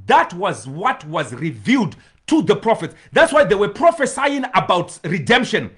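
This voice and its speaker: A man preaching a sermon as pastor, swinging between loud shouts and hushed pleading, with bursts of tongues. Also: high-pitched, big pitch swings, normal speed, slightly rough.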